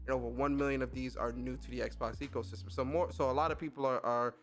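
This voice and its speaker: A man hosting a gaming podcast who reads out industry news and reacts to it in casual, animated, profane commentary, laughing often. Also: mid-range voice, fast talker, faint music behind.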